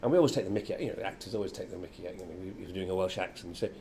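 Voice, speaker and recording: Older actor being interviewed, low voice, does voices in his stories, light hiss. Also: rapid-fire. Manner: lively storyteller, acts out quotes. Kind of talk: casual interview chat. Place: venue with background chatter.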